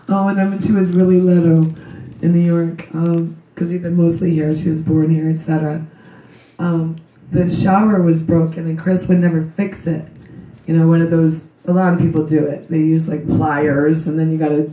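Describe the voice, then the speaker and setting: A middle-aged woman with a loud voice gives a slow, earnest memorial tribute to her daughter. She speaks religiously and wanders into asides as she recites a poem. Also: fairly low pitch. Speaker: grieving mother giving a memorial tribute. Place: memorial gathering in a large room. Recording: echoey hall, distant dull mic.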